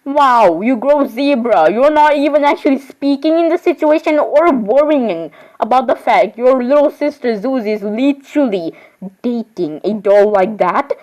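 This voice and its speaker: High-voiced woman voicing a doll role-play. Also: lively intonation, normal speed, a little mellow, low-quality recording. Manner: rambling, chatty, with sudden squeals of surprise. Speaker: voicing all the dolls in a homemade role-play.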